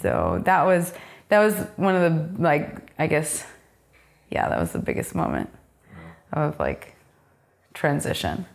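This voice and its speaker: A woman's voice: sits low, huge pitch swings, unhurried, vocal fry, pauses often. A young adult woman in an interview, candidly and emotionally telling her life story in casual speech, often acting out what others said to her. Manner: candid, emotional storytelling, acts out quoted voices; casual with frequent fillers and swearing.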